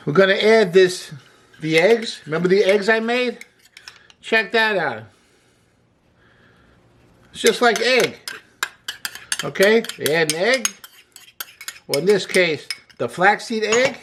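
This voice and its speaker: A man's voice: high-pitched, expressive, slow pace, long pauses, noisy background. A man hosting a casual cooking demonstration, chatty and upbeat as he explains each step while he works. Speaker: cooking show host. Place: home kitchen.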